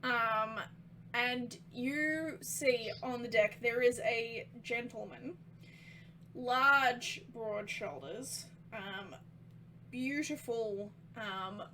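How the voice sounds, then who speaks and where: A woman narrating a tabletop game as game master, halting with many ums. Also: fairly high pitch, bright, forceful tone, a little hiss or hum, low-quality recording.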